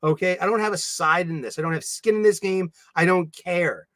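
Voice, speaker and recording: A man chatting casually on a livestream, rambling and animated, often breaking into laughs. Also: sits high, normal speed, no room sound. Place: home studio.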